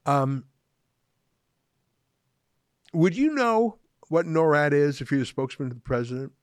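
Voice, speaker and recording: A man's voice: a little high, big pitch swings, measured pace, dry recording. Sarcastic man commentating. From Canada. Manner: sarcastic, mocking. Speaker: political commentator. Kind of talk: opinion commentary.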